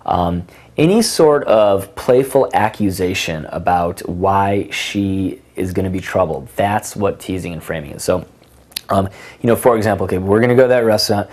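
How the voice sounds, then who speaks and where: A young man with a slightly low, a little mellow voice gives dating advice as an instructional monologue at a moderate pace. He's casual and filler-heavy, restarting often and acting out both sides of example conversations to make his point.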